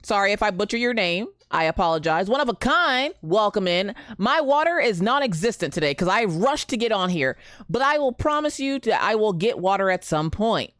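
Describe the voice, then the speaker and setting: Recorded with studio quality and no echo, this medium-pitched woman talks at a moderate pace with hardly any pauses. In her thirties, she's animated on a casual live stream, greeting chat by name, saying "y'all" in a Southern way, and telling a story.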